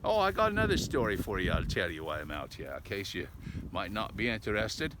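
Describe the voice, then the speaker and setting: This older vlogger's voice is on the low side, brisk, with huge pitch swings as he rambles while walking his dogs on a country road. He's chatty and folksy, a little out of breath, finishing lines with "eh?". Dogs and outdoor rural noise come through the noisy recording.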